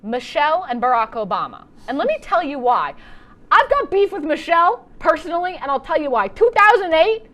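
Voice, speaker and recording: A woman's voice: sits high, big pitch swings, a little fast, fairly bright tone. A young adult woman hosting a comedy show, delivering a playful, exaggerated monologue.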